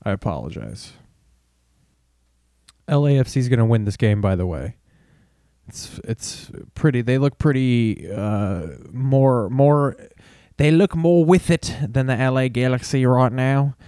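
Guy rambling and cussing on his podcast, dry close sound, pretty average pitch. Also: animated, a little slow, warm tone, clear, resonant tone, dry recording. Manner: rambling, heavy casual swearing. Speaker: podcast host. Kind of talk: casual sports podcast monologue.

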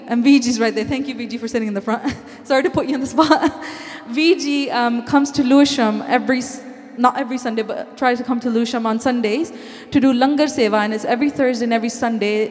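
At a Sikh community gathering, a woman with a high but darkish voice addresses the congregation with an inspirational message. She sounds earnest and heartfelt, slipping Punjabi phrases into her English, and the hall adds a long reverb.

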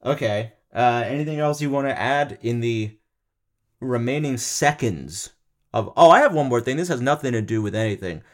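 A man's voice: medium pitch, animated, normal speed. A young man co-hosting a podcast, joking around and rambling in casual chat, laughing often. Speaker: podcast co-host.

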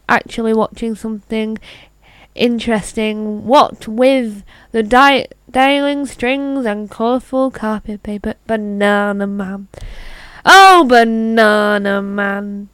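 Slow, chatty British woman vlogger. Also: on the high side, clean tone, no room sound. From Britain. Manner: chatty, reads aloud with stumbles and asides. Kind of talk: casual chat reading an article aloud.

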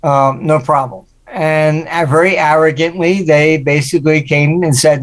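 A man's voice: on the high side, fairly even intonation, measured pace. Older man, interview guest, anecdotal, voices the people he quotes. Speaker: guest, market forecaster. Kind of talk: interview storytelling.

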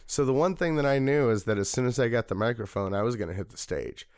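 A man's voice: medium pitch, fast talker, smooth, no echo, clean studio sound. A man telling a long, rambling story in a casual interview, with many fillers. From Missouri, United States. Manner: rambling, relaxed, frequent fillers. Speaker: political party committeeman, guest.

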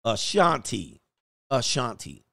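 A man's voice: mid-range voice, sing-song, takes it slowly, gravelly. A man hosting a livestream, reading viewer messages and giving mocking, preachy commentary in a casual tone. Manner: mocking, preachy, drawls words for effect. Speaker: livestream host reacting to news and reading super chats.

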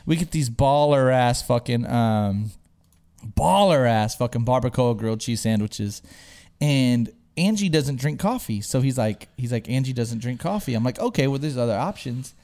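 A man's voice: medium pitch, moderate pace. A young man hosting a podcast, telling a story in casual chat, acting out what people said and saying "dude" a lot. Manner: animated storyteller, says "dude" a lot, acts out quotes. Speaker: podcast host.

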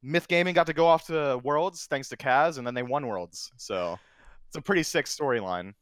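Excitable man telling a gaming story. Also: mid-range voice, normal speed, smooth, no echo, clean studio sound. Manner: excitable, animated storyteller who drifts into shouting. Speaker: guest, former console champion. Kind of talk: casual podcast storytelling.

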